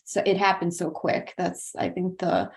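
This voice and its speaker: A woman's voice: lowish voice, fairly even intonation, unhurried, darkish tone. A woman in her thirties from South Carolina, a podcast guest telling an earnest, tearful personal story. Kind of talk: personal conversation.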